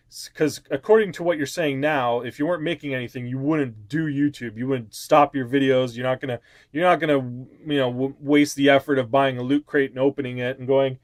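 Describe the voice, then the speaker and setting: A man's voice: medium pitch, a little mellow, dry recording, studio quality. A man hosting his own channel, delivering a heated, profane rant full of fillers and restarts. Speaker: channel host. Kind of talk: ranting commentary vlog.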